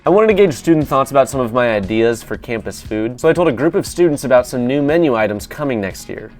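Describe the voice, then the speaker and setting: A young man doing stand-up, deadpan with sudden loud outbursts and repeated word stumbles. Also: mid-range voice, fast talker, faint music behind. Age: young adult. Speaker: comedian and street interviewer. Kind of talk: stand-up comedy.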